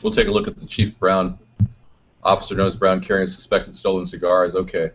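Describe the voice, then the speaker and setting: A man's voice: sits low, little pitch movement, brisk, vocal fry, fairly bright tone. A man hosting a live political chat show, reading chat comments aloud and answering them combatively. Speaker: host. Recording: dull lo-fi stream audio.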